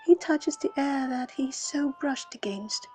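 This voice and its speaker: A woman reading a fantasy story aloud in a breathy, dramatic whisper. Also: high voice, unhurried, a little mellow, soft background music, rough recording. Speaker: reader.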